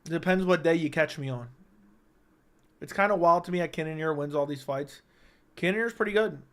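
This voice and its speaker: A man's voice: on the high side, brisk. A young man hosting a casual livestream, telling stories animatedly with frequent swearing and "right?" asides. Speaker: livestream host.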